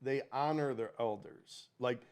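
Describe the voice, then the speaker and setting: A man co-hosting a podcast in casual chat, halting and repeating words, often checking in with "right?". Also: medium pitch, darkish tone, clean tone. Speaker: podcast co-host.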